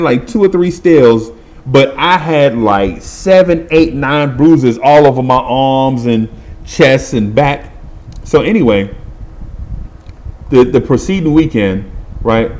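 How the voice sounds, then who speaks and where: A middle-aged man telling a comic story in lively, colloquial speech, laughing and acting out the people in it. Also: medium pitch. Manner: animated, laughing, acts out voices, colloquial. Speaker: podcast host.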